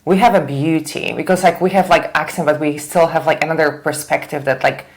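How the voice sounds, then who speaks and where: A woman's voice: deep voice, steady tone, a little fast. A woman in her thirties with a foreign accent, hosting a casual interview and often agreeing with her guest. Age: 30s. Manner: frequent agreeing yeahs, fills in words. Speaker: interview host.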